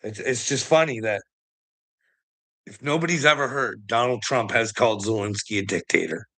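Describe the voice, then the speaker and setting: A man's voice: medium pitch, normal speed, a bit bright. Profane, rambling Canadian man ranting. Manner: profane, rambling, laughs between remarks. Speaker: political commentary host. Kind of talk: casual ranting monologue.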